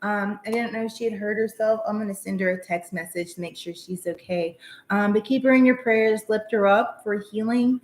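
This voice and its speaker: A woman's voice: medium pitch, normal speed. A woman hosting a live tarot reading stream, talking casually and rambling with lots of fillers. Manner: chatty, rambling, many fillers. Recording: echoey room.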